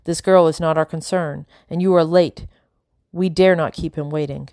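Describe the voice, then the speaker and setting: A man's voice: on the high side, fairly even intonation, moderate pace, darkish tone, no room sound, studio quality, natural voice. A woman reading the lines of an impatient officer who speaks curtly and in a hurry. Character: brisk impatient officer, a man.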